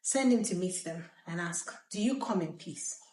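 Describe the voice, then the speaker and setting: A woman's voice: on the low side, expressive, normal speed, darkish tone, close to an everyday voice. Woman reading as an anxious king. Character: anxious young king, man. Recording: roomy echo.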